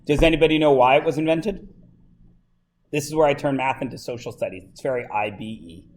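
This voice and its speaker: A man from Canada teaching a high school math class, talking casually, joking with the students and asking them lots of questions. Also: brisk, a little mellow. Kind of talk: classroom lesson.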